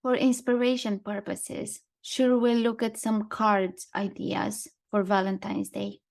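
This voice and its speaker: A woman's voice: mid-range voice, flat delivery, slow, vocal fry, a little mellow. A woman co-hosting a casual podcast, talking through things she has read in a thoughtful way. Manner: thoughtful, reads out quotes and card lines. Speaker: podcast co-host. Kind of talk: casual podcast chat, partly read from notes.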